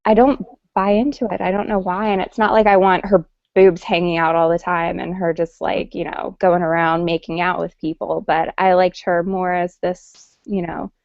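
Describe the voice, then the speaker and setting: A woman with a gravelly, creaky edge talks through her opinions in a loose, hesitant way. The sound is dry and dull, like a lo-fi online call. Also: on the low side, little pitch movement, normal speed, few pauses, darkish tone, dry recording. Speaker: panelist. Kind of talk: casual chat. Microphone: video call.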